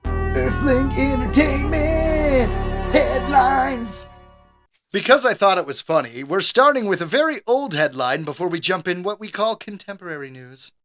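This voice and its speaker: A man co-hosting a podcast in casual banter, joking and quick to interrupt. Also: high-pitched, expressive, sharp tone, faint music behind. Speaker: podcast co-host.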